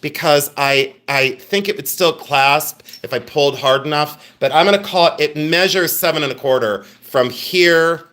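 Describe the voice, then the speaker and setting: A man's voice: on the high side, moderate pace, hardly any pauses, sharp tone. A man hosting a live jewelry sale stream, chatty and joking as he rambles about each piece. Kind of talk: casual live-stream selling.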